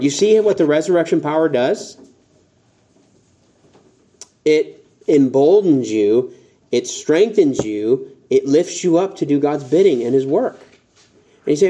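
Mellow-voiced man preaching a sermon. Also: mid-range voice, moderate pace. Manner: conversational, rising emphatic tones when quoting. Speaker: pastor.

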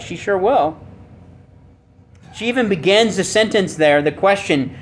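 A man preaching a sermon with emphasis, asking rhetorical questions and swinging between loud and soft. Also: high-pitched, animated, normal speed. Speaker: pastor.

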